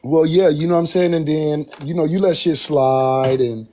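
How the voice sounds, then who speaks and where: A man's voice: a little high, fairly even intonation, normal speed, a little mellow. A man, a guest on a live stream, talking in a loose, laid-back way. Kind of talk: casual live stream chat.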